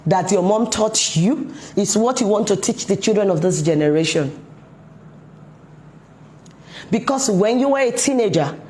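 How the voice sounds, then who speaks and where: A woman's voice: mid-range voice, darkish tone, slight background noise. Emphatic woman giving a parenting talk. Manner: emphatic, asks many rhetorical questions. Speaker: parenting coach.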